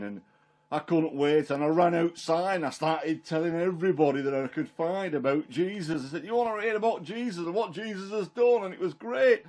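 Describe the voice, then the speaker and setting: A man's voice: on the high side, darkish tone, natural voice. Peter the fisherman, plain-spoken and chatty , played by a man, first-person monologue. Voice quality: homely dialect storytelling, plain and chatty. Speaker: Christian storyteller in character.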